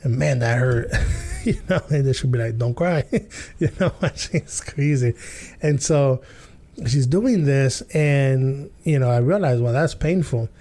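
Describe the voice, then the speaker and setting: A man's voice: medium pitch, slow pace, warm tone. A man hosting a podcast, telling a childhood story and commenting in a casual, rambling way with many fillers, restarts and chuckles. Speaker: podcast host.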